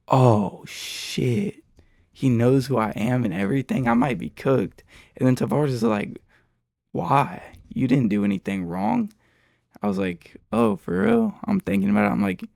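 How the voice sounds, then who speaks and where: A young man casually retelling a story in an excitable, slangy way. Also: a little high, gravelly, dry recording, studio quality.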